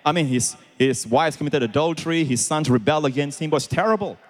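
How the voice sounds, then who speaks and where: A man preaching a sermon as pastor, swinging between quiet explanation and loud, shouted emphasis. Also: fairly high pitch, fast. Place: large church auditorium with congregation.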